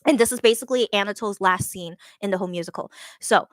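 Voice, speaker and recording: A woman excitedly retelling a night at the theater in casual storytelling, giggly and rambling, full of fillers and restarts. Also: medium pitch, quick pace, no room sound. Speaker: fan recounting a theater show.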